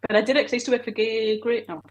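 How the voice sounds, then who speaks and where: A woman's voice: on the high side, flat delivery, racing, slight background noise. A woman with a North East English accent, a guest on a podcast, talking modestly about her hobby in casual chat. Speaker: guest cosplayer.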